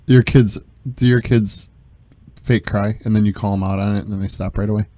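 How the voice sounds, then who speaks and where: A man's voice: on the low side, fairly even intonation, brisk, mellow, no room sound. A man hosting a casual podcast, candid and rambling, laughing easily as he swaps parenting stories. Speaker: podcast host. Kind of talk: casual chat.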